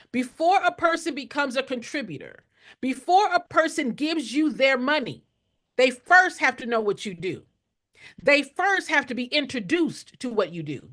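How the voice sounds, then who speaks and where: A woman's voice: high voice, pushed and bright. A woman fundraising coach teaching a live class with emphatic, repetitive call-and-response, often asking listeners to answer in the chat.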